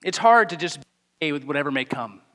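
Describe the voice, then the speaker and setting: A man delivers a sermon in a high voice and acts out the people he quotes with animated energy. His voice rings through a church hall with a long reverb tail. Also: fast. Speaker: pastor.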